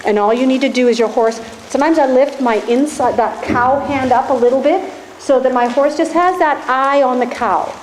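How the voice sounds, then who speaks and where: A woman's voice: sits high, normal speed. A woman riding instructor giving live coaching in an indoor arena, directive and encouraging as she talks riders through each step. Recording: echoey arena with faint ambient noise.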